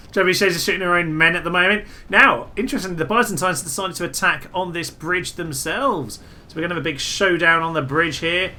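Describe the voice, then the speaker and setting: Excitable man commentating gameplay. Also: high voice, brisk, a little hiss or hum. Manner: excitable, jokey, bursts of loud exclamations. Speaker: gaming video host.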